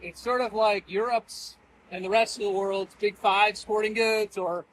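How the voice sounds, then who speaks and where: A man's voice: high voice, fairly even intonation, unhurried, fairly bright tone, a little hiss or hum, low-quality recording. A man hosting a sailing vlog, chatting in an easygoing way on location outdoors. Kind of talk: casual on-location vlogging. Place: outdoors in town.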